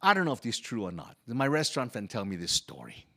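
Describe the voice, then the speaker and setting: A male storyteller from Hawaii gives a wistful first-person performance as a humble, good-humored Chinese immigrant laborer speaking broken English. His exaggerated, medium-pitched voice swoops wildly in pitch, moves at a quick pace, and sounds pushed and bright.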